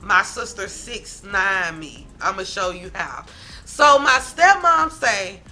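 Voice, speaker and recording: Animated, bright-voiced woman telling a story. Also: mid-range voice, slow, faint music behind. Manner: animated, dramatic, talks straight to viewers as "y'all". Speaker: vlogger, storyteller. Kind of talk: casual storytime to camera.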